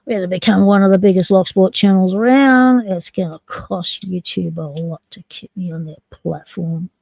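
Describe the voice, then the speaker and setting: Gravelly Australian woman streamer. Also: on the low side, fairly even intonation, moderate pace, darkish tone, dry recording, poor audio. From South Australia. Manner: chatty, jokey, talks to chat while picking locks. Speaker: live stream host. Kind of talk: casual live stream chat.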